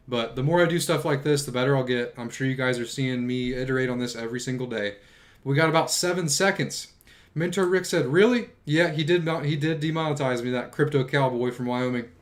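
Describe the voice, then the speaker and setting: A man's voice: mid-range voice, fairly quick. Chatty male livestream host. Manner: chatty, filler-heavy, reads viewer comments aloud. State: tired from long stream. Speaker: livestream host reading chat. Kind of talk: casual livestream chat.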